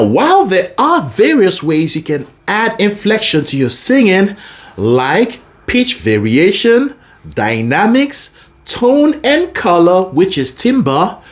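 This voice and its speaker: A man explains singing technique as a vocal coach, taking his time over each point. His voice rises and falls widely, and he often demonstrates as he goes. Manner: expressive, demonstrative, lively pitch. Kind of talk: singing lesson.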